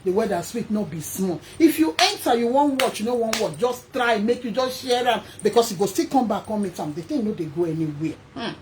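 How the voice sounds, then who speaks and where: A woman with a Nigerian accent hosting her own vlog, talking straight to her viewers in an emphatic, animated way. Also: medium pitch, brisk, hardly any pauses, background noise. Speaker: host. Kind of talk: casual vlog monologue.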